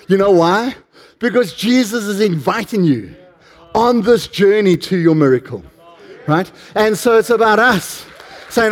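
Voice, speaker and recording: A man's voice: high voice, animated, measured pace. A man preaching a sermon, telling stories with animation and putting questions to the congregation.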